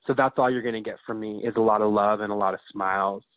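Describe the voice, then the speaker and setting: A man of about thirty speaks as a podcast guest in a low, earnest voice, heartfelt and open, dropping the odd swear word. His voice comes over a tinny, phone-like line that is dry, with no room sound. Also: fast, dry recording. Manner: heartfelt, expressive, swears casually. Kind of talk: emotional casual chat.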